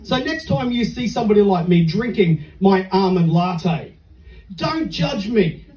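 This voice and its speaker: A man's voice: high voice, expressive, a little slow, a little mellow. A middle-aged Australian man doing a stand-up comedy set on a club stage, telling self-mocking stories in a dry way. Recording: echoey club from far off.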